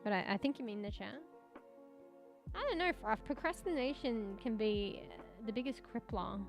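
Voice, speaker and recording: Gravelly-voiced woman streamer chatting. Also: a little high, moderate pace, faint music behind. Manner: rambling, swears a lot, laughs often. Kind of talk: casual chat with stream viewers.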